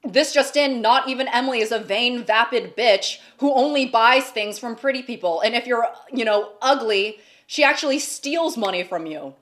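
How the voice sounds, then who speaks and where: A woman's voice: on the high side, moderate pace, hardly any pauses, a bit bright, close to an everyday voice. A woman putting on a sneering gossip news announcer voice to mock rumors about herself.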